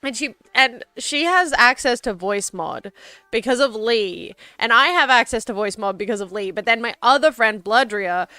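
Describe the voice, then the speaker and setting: A woman's voice: a little high, animated, moderate pace, sharp tone, smooth, dry recording. A young woman streamer chatting casually, rambling and giggling, with lots of fillers, over faint background music. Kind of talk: casual chat.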